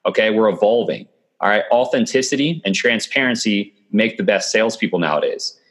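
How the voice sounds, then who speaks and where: A man's voice: fairly low pitch, brisk, a bit bright. Confident man giving sales advice. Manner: confident, coaching tone with frequent "okay" and "right". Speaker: guest. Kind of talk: remote podcast interview. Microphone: video call.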